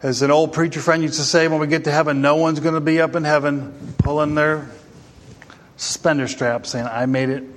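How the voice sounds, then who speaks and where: High-voiced preacher in an echoing hall. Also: male voice, fairly even intonation, a little fast. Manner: emphatic, with rhetorical questions to the congregation. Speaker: pastor. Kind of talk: sermon. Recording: long hall reverb.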